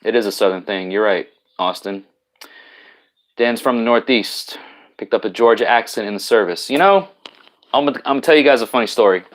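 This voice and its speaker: A man's voice: on the low side, a little fast. A man with a New York accent hosting a live stream, chatting casually and answering viewer comments, rambling with many restarts. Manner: rambling, frequent restarts and repeated words.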